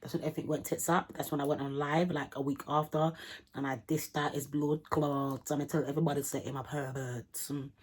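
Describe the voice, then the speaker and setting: A young woman telling a vlog storytime in animated, slangy talk, acting out the people in it. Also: low voice, quick pace, slightly rough. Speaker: vlogger.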